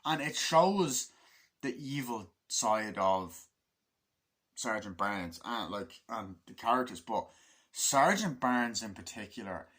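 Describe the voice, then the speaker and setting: A man giving a casual movie review, excitable and swearing constantly, acting out scenes in raised voices. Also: lowish voice, slow, slightly rough.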